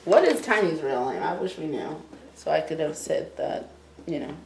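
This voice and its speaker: A woman's voice: low-pitched, sing-song, moderate pace, vocal fry, a little mellow, echoey room, a little hiss or hum, low-quality recording. A woman co-hosting a casual recap chat, telling the story with jokey asides. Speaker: podcast co-host recapping a TV episode. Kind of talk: casual chat with acted-out quotes.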